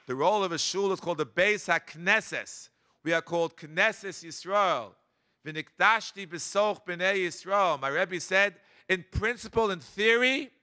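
Animated older man teaching a class. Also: high-pitched, clear, resonant tone. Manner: animated, dramatic emphasis, frequent Hebrew and Yiddish terms. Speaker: cantor. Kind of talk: Torah lesson with personal memories.

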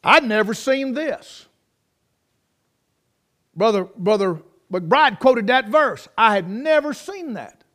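A man preaching a sermon, fervently swinging from shouts to hushed tones and repeating phrases for emphasis. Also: very high-pitched, animated, slow, long pauses.

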